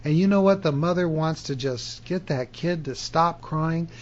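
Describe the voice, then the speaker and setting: A man, an author and hypnotherapy teacher, delivering a self-help video monologue with animated, emphatic storytelling. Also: a little high, normal speed, muffled recording.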